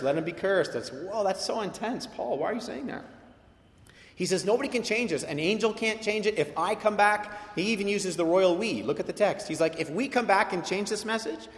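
Animated male preacher in an echoing hall. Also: high-pitched. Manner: animated, conversational, quoting with shifting intensity. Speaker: pastor. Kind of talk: sermon. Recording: echoey hall with long reverb.

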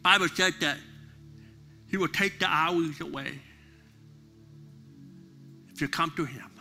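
A middle-aged male pastor preaching a sermon, impassioned at times and soft and prayerful at others. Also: fairly high pitch.

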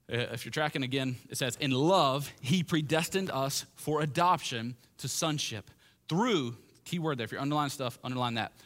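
A man's voice: on the high side, fairly bright tone. A pastor delivering a conversational sermon in a church that meets in a gym, often restarting and repeating his phrases. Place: gym used as a church hall.

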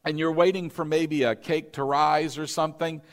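A man preaching a sermon as pastor, leading the congregation in call-and-response and building to emphatic, louder peaks. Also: a little high, fairly even intonation, moderate pace.

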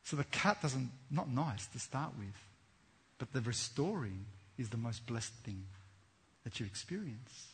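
A man preaching a sermon, swinging between loud fervent exhortation and hushed earnest appeals. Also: mid-range voice, expressive, a little slow, breathy edge.

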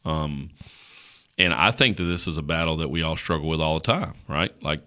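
A man from rural North Carolina, a pastor talking on a podcast in a slow country drawl and checking in with "right?". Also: very deep voice, bright, forceful tone. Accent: rural North Carolina Southern. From North Carolina, USA. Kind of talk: casual podcast chat.

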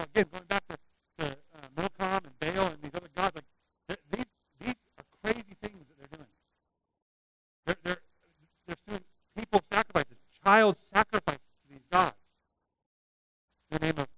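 A man delivering a lively sermon, pitched a little above the usual male range. He tells the story with animation and slips into the voices of the people in it. He sounds like a pastor speaking to a church gathering. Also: moderate pace, long pauses.

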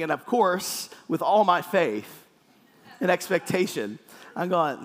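A man preaching a sermon with playful, animated storytelling in a church hall. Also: high-pitched, moderate pace. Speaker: pastor. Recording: echoey hall.

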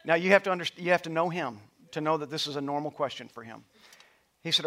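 High-voiced preaching pastor. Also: male voice, quick pace. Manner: builds to loud passionate preaching, then drops to soft storytelling. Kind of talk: sermon. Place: church auditorium with stage lights.

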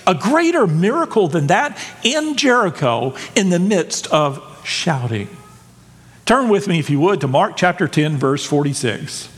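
Animated preaching man in reverberant hall. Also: high voice, a little slow, breathy edge. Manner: animated, emphatic preaching with rhetorical questions. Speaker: pastor. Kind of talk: sermon. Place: church sanctuary.

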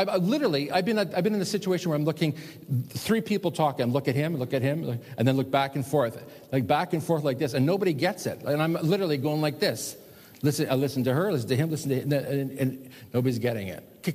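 A man preaches a sermon with animated swings between loud emphasis and hushed, slowed lines. His voice sits a bit high with a husky edge. A long reverb hangs after his words, as if in a large hall. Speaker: pastor.

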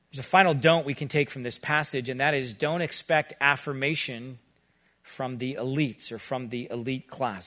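A middle-aged male pastor preaching a sermon, earnest and conversational with quick asides. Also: mid-range voice, fairly bright tone.

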